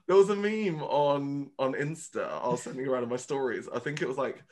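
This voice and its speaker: Campy drag performer, chatty. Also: male voice, medium pitch, a little fast. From United Kingdom. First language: Vietnamese. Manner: animated, campy storyteller who acts out quotes. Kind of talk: casual interview chat.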